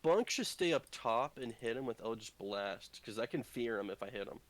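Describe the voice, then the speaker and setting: A man's voice: mid-range voice, lively intonation, moderate pace. A man playing a tabletop game, rambling and thinking aloud about his moves. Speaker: player. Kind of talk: casual tabletop game chat.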